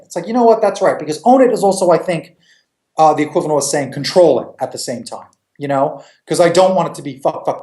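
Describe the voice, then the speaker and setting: A man from New York, a comic creator, chatting in a casual interview with a joking, animated manner and free swearing. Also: a little high, roomy sound.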